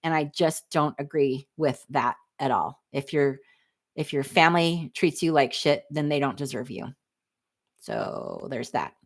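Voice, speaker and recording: A woman's voice: low-pitched, steady tone, normal speed. A woman, hosting a casual livestream, candid and snarky as she reads chat comments aloud. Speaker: livestream host reading chat.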